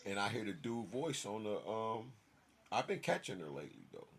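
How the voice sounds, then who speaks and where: A man telling a personal story in a casual monologue, emphatic and swinging from loud outbursts to hushed asides. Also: lowish voice, sing-song, moderate pace, slight background noise. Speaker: storyteller vlogger.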